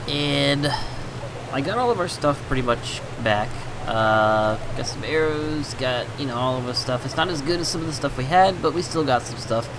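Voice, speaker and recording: A man talks through his game in a loose, chatty way, sighing over his losses and laughing them off. His voice sits in an ordinary middle range. Game sounds and steady noise run underneath him. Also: mid-range voice, moderate pace. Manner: chatty, exasperated, laughs at own bad luck. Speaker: gaming channel host. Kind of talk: casual gameplay commentary.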